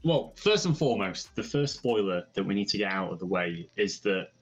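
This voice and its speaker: A Welsh-accented man with a fairly low voice that swings widely in pitch, chatting as a guest reviewer. He talks in a playful, teasing way, with faint music behind him. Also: lively intonation, normal speed, slightly rough, lo-fi sound. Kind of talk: casual review chat.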